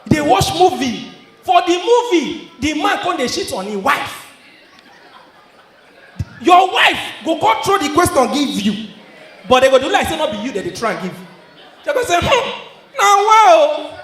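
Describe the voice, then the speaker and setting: A Nigerian man performing stand-up on a handheld mic, his voice unusually high and swinging widely from low mutters to shouted lines. He laughs through his own jokes. The sound carries the echo of a live venue. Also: a little hiss or hum. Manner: shouting punchlines, often laughing, in Pidgin-mixed English. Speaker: stand-up comedian. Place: comedy show venue. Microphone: handheld stage mic. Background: audience laughter.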